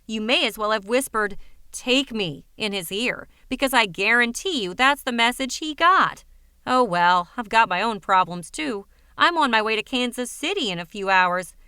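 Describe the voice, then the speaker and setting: A woman's voice: on the high side, lively intonation, normal speed, pushed and bright, clean tone, no room sound, studio quality. A woman voicing a blunt young woman friend with a brash, sarcastic manner in an audiobook reading. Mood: teasing.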